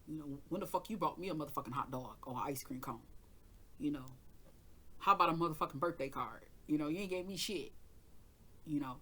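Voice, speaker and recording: A woman's voice: deep voice, fairly quick, pauses often, fairly bright tone, husky. A woman tarot reader hosting her own channel, telling a personal story in a casual, emphatic way, swearing freely and acting out her side of an argument.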